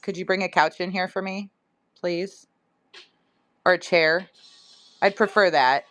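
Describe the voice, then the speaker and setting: A woman's voice: on the low side, fairly even intonation, unhurried, a bit bright, faint music behind, pitched below the performer's own voice. A woman voicing her spoiled female pet, who makes fussy, polite complaints about where she has to lie down. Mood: pouty. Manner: prissy, polite complaining requests.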